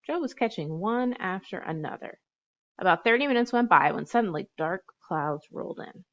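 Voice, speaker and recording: A woman's voice: mid-range voice, animated, moderate pace, a bit bright, dull audio. A woman teacher walking a class through revising a story, reading drafts aloud, spelling words out letter by letter and chatting playfully as she goes.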